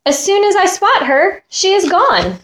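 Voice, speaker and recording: Woman storyteller, high and lively, unhurried read-aloud of a kids' picture book. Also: roomy sound. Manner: expressive, lively character voices. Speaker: storybook reader.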